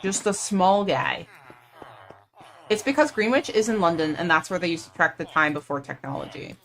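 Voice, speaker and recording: A woman's voice: fairly low pitch, normal speed. A young woman from the United States chatting casually and playfully on a live game stream, full of "like" fillers.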